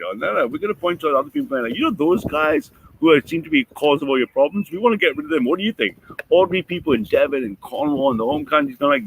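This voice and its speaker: A man hosting a reaction stream, ranting in a profane, mocking, animated way. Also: on the high side, fast, vocal fry, a little hiss or hum, poor audio. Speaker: stream host. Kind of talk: reaction commentary.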